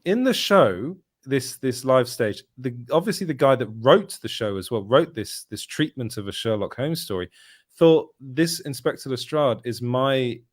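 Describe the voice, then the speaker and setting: A man's voice: mid-range voice, lively intonation, normal speed, no echo. Man, casual storytelling, self-correcting, dry close sound. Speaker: podcast host. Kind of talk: casual chat.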